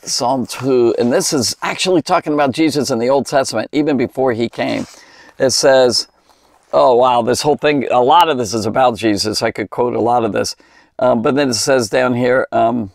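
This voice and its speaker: A man's voice: medium pitch, moderate pace, vocal fry, no room sound, studio quality. A man giving an informal, folksy Bible teaching for children, rambling and breaking into emphatic exclamations.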